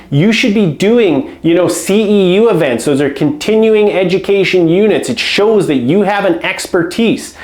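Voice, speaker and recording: A man with a fairly high voice gives a firm business lesson, leaning on certain words for emphasis. The sound has a roomy echo around it. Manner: speaks up firmly, stresses words. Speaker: home care business coach. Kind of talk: instructional talk to camera.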